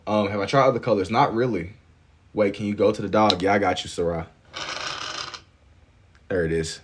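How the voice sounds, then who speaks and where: A young man with a very low voice chats at his own easy pace, the rhythm of his speech plain throughout. He reads viewers' comments aloud and replies while he draws, relaxed and joking. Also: normal speed, a little hiss or hum. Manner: laid-back, reads and answers chat while drawing. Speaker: livestream artist. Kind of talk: casual livestream chat.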